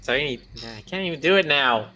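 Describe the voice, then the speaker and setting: A man's voice: on the high side, animated, fast talker, sharp tone, slight background noise. A man from Texas joking around as a co-streamer on a game stream. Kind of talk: casual game-stream banter.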